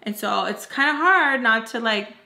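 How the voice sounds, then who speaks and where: Her voice a little high, creaky, bright and forceful, a young makeup artist animatedly recounts a story time at normal speed. She sounds exasperated and chatty, leaning on fillers like "like," in an echoey room.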